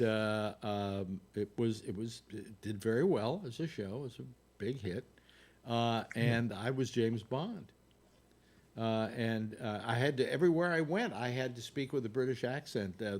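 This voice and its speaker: An older man hosting a casual panel chat, telling stories in a rambling way with halting restarts and laughs. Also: mid-range voice, darkish tone. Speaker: radio talk show host.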